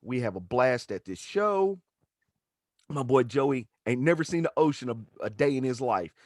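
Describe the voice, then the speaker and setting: Animated man telling comic stories. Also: mid-range voice, moderate pace, dry recording, clean studio sound. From Chattanooga, Tennessee. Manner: animated, profane, acts out quotes. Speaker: stand-up comedian, guest. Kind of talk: comedic storytelling.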